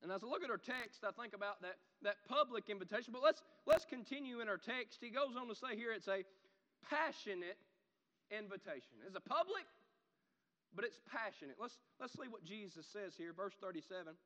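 Fiery high-voiced male preacher. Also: fairly quick, big-room sound. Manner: animated preaching with sudden loud shouts and quiet drops. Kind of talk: sermon.

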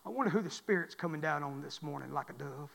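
High-voiced preaching man in reverberant church. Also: expressive, fast talker, creaky. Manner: repetitive, building to loud shouted climaxes. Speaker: pastor. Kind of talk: sermon. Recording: long reverb of a church hall.

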